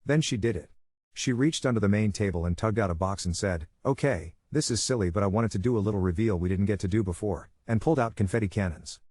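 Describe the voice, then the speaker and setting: Low-voiced man narrating a story, dry sound. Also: quick pace, darkish tone, dry recording.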